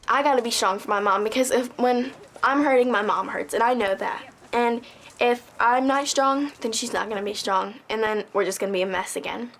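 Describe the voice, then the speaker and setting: An earnest woman recounts her own life in an interview, her voice sitting fairly high. She speaks with feeling and falls readily into quoting past exchanges. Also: brisk, fairly bright tone, slight background noise. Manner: earnest, emotional, tells stories with quoted dialogue. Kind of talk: personal testimony.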